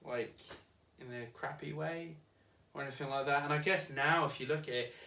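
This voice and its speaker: A man's voice: on the high side, steady tone, moderate pace, gravelly, bright, forceful tone. A young man chatting casually, rambling and hedging with many fillers and laughs. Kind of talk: casual chat. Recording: roomy, distant mic.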